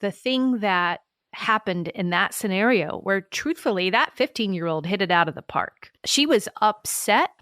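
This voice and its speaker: A woman's voice: mid-range voice, fairly bright tone, no room sound. Woman podcast co-host, dry studio sound. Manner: conversational, asks questions and sums up. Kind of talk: casual podcast chat.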